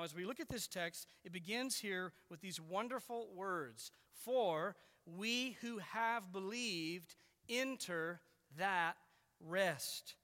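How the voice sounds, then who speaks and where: A man's voice: high-pitched, bright, forceful tone, big-room sound. A man preaching an expository sermon as pastor, earnest and emphatic, repeating key words for weight.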